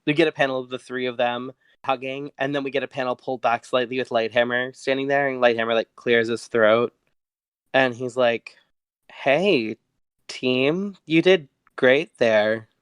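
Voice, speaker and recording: A man's voice: medium pitch, flat delivery, fairly quick, fairly bright tone, clear, resonant tone, dry recording. A man narrating his moves in a tabletop game, in a loose storytelling way with many fillers. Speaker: player.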